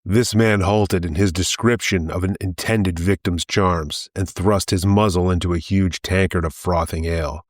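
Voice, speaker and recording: Deep, dry male audiobook narrator, measured reading. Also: fairly even intonation, no room sound.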